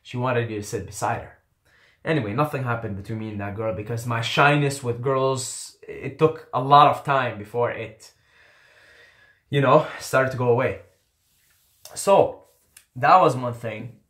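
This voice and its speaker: A young man from the Middle East, who did not grow up speaking English, tells his own story with animated, self-mocking humor and plenty of swearing. His voice sits at a medium pitch, and the room around him is noticeably echoey. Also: measured pace, pauses often. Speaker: vlogger. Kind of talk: casual storytelling.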